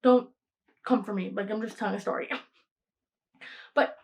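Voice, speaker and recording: A woman's voice: mid-range voice, steady tone, moderate pace, gravelly, poor audio. A young woman hosting a casual solo podcast, rambling with lots of restarts and frequent laughter. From Greek heritage, raised in the United States. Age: young adult. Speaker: podcast host.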